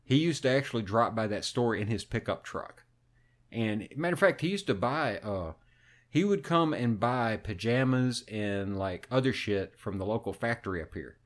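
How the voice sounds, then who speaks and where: A man telling a story on a podcast, animated and swearing constantly in casual chat. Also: on the low side, moderate pace. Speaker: podcast co-host.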